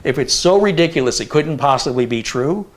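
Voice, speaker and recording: A man's voice: fairly high pitch, brisk. Chatty middle-aged man rambling animatedly. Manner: animated, rambling storyteller with fillers. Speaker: host. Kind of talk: casual livestream chat.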